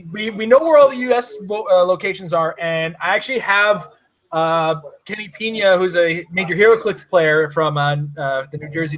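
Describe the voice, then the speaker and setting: A man hosting a casual chat who rambles excitedly and laughs often. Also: high voice, rough recording. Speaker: podcast host.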